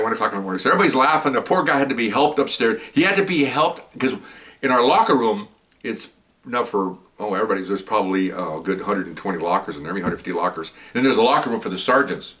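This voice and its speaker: A man's voice: on the low side, fairly bright tone, recorded from a distance. A man, a former police officer, telling a story in a casual, rambling way, repeating words as he goes. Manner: rambling, stumbles and repeats words, acts out quotes.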